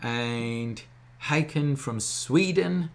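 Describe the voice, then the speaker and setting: A man's voice: mid-range voice, extremely slow. A man, hosting a live photography Q&A in a chatty, informal teaching style that keeps checking in with the viewers. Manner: chatty, keeps asking "all right?"; informal, relaxed wording. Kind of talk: casual live-stream teaching.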